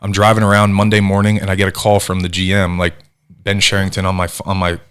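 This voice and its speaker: A man in his thirties from New Jersey, a former ballplayer guest telling animated stories in casual chat. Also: deep voice, clean tone. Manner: fast, animated storyteller acting out quotes. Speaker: podcast guest, former baseball pitcher.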